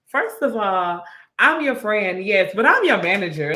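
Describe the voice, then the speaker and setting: Young woman storyteller, casual, animated quotes, roomy echo. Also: medium pitch, unhurried. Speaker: restaurant manager and podcast co-host. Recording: echoey room.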